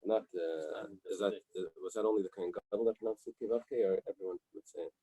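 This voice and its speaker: A man with a husky, somewhat low voice leads a daily Talmud class. He reads passages in Hebrew and Aramaic and then translates them in plain, unhurried explanation, often checking with "right?" The sound is dry and close, with little room echo. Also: dark tone. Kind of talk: Talmud study lecture, reading and translating. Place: small synagogue study room.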